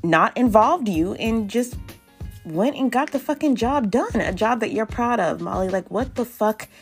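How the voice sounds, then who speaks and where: A woman's voice: a little high, lively intonation, a little slow, soft background music. Blunt, exasperated woman podcast host. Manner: exasperated, blunt, swears often. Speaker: podcast host reviewing a TV episode. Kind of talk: casual, profane recap and rant.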